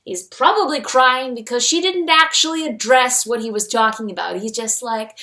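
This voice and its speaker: A woman's voice: fairly high pitch, moderate pace, few pauses, bright, forceful tone. Wry woman mocking her own writing. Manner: wry, self-mocking, sarcastic. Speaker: fanfiction author reviewing her own story. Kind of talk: comedic commentary and reading aloud.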